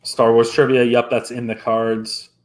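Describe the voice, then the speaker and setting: A man's voice: mid-range voice, level tone, measured pace. Upbeat man hosting a trivia stream. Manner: upbeat, laughs often, announces scores and rounds. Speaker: trivia host. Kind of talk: casual livestream chat.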